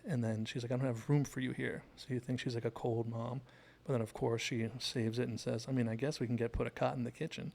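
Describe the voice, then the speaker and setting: Man, gravelly voice, casual show recap, acts out quotes, mid pitch. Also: level tone, fast, few pauses, darkish tone. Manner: loose retelling, acting out quotes with fillers. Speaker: show host.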